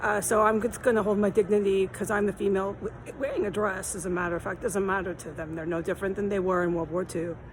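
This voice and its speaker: A woman's voice: medium pitch, steady tone, fast talker, few pauses, crowd noise, low-quality recording. Rambling, aggrieved woman on a street. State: hot and muggy, tired. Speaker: vlogger. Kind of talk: rambling walk-and-talk vlog. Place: outdoors on a city street corner.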